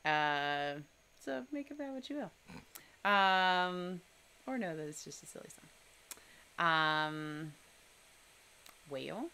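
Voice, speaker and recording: A woman co-hosting a home shanty video, chatting in a relaxed way and trailing off with fillers. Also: low-pitched, slow, long pauses, smooth. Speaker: co-host of a daily shanty video. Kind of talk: casual chat.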